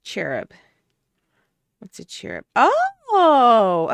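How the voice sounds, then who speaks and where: A woman co-hosting a podcast in casual chat, animated, with quick laughs and exclamations. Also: high-pitched, no room sound. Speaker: podcast co-host.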